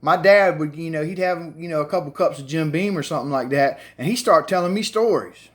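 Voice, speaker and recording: A man's voice: on the high side, brisk. A middle-aged man, telling a family story casually in a profane, rambling way full of fillers.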